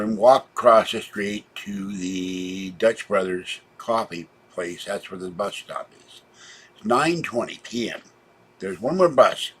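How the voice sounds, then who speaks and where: A man with a husky, slightly low voice, recounting his day in a long, rambling monologue. He sounds worn out and drifts between quiet asides and sudden loud outbursts, with a chatty, meandering delivery. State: tired, low on energy. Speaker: vlogger. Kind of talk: rambling personal storytelling.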